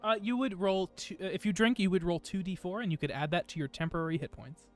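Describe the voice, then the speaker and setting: A man with a high voice runs a tabletop game as its game master. He explains the rules patiently and in a loose, everyday way, filling his sentences with "uh"s. His pitch sits well above that of most men. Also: fast, faint music behind. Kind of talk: running a tabletop game over voice chat.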